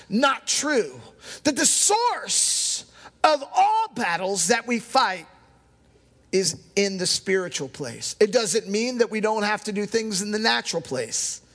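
A man preaching a sermon as pastor, telling stories with dramatic pauses. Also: high voice, fairly bright tone. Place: church sanctuary. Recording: long hall reverb.

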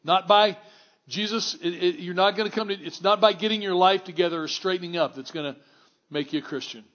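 A man preaching a sermon to a congregation in a church, conversational and wry, swinging from hushed to exclamatory. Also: high-pitched, a little fast, muffled recording. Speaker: pastor.

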